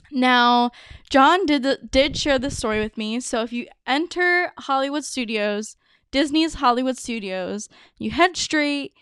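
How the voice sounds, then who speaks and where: A young adult woman hosting a podcast, telling stories in a chatty, excitable way with lots of fillers. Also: a little high, smooth, no echo, clean studio sound. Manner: chatty, many "like"s, bubbly and excitable. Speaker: podcast host. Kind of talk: casual storytelling monologue.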